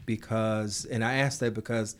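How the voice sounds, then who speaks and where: A man hosts an interview, feeling his way into each question with thoughtful hesitation. His voice is somewhat low and conversational. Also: little pitch movement, normal speed. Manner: thoughtful, hesitant, many fillers while framing questions.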